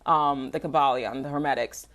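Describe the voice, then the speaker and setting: A woman's voice: extremely low pitch, fairly even intonation, normal speed, a bit bright. A young woman chatting candidly on a livestream, answering viewers' questions in a rambling, loose way and swearing freely. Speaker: artist hosting a livestream. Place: home, livestream.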